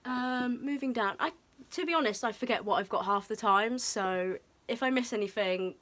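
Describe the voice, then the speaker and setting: A woman's voice: on the high side, normal speed, fairly bright tone. A young woman chatting casually through a show-and-tell vlog, bubbly and a little out of breath, with frequent ums, recorded on a camera on a tripod. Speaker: vlogger. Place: indoor room, tripod camera. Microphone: camera mic on tripod, moved around.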